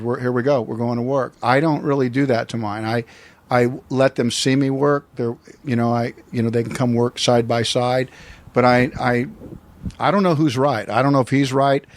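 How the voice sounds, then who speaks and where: With a mid-range voice, a U.S. man in his sixties shares a personal story as an interview guest. He's reflective and rambling, frequently restarting his sentences.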